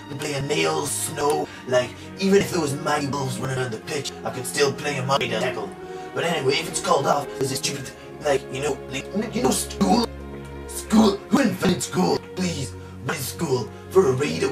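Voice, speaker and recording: A brash, bragging male rugby player, played by a man who rambles on, stuffing every thought with filler words. He sounds set back from the mic in a roomy space. Music plays clearly behind him. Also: a little high. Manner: rambling, boastful, packed with "like" and "you know". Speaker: comic character in an amateur trailer. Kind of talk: improvised comedy monologue. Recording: roomy amateur video from far off with music.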